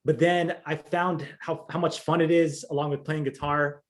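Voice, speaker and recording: Contestant guy on a video call, kinda high voice, joking around. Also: flat delivery, normal speed. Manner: playful, joking. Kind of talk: casual interview answers.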